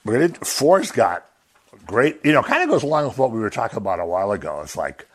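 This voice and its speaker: A man teaching an informal Bible study in a relaxed, talkative way. His pitch swings widely as he acts out the quotes he tells, and he chuckles often along the way. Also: quick pace, slightly rough. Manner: animated, acts out quoted lines in raised voices, chuckles often.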